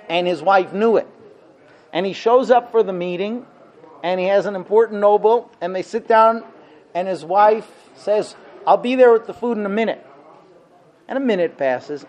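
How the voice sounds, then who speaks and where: A man giving a Torah lecture, animated, with rhetorical questions and acted-out dialogue. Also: high voice, rough recording.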